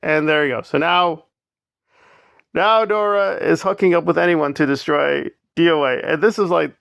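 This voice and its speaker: Gravelly, sarcastic male commentator. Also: a little high, steady tone, moderate pace, fairly bright tone, dry recording, studio quality. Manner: sarcastic, emphatic, repeats points. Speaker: commentary vlogger. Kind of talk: opinionated commentary on online drama.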